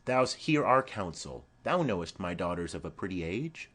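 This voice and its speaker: A man's voice: deep voice, sing-song, a bit bright, heavily acted. A man reading the part of a stately noblewoman speaking formally to her daughter in an audiobook of a play. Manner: formal, measured.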